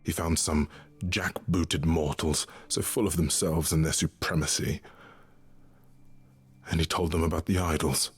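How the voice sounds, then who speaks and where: An actor playing a weary, grieving male god who cares for his suffering mother, speaking in a halting, confiding way. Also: very deep voice, fairly even intonation, breathy edge, heavily acted. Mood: sorrowful. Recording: game audio with faint music.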